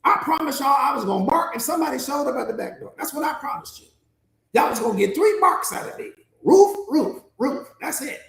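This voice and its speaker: A man's voice: extremely high pitch, lively intonation, fairly quick, creaky, fairly bright tone, echoey room, slight background noise, heavily acted. A man voicing a stressed, indignant male guard dog who complains with sass about what he never agreed to do. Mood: fed up. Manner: complaining, sassy and fed up.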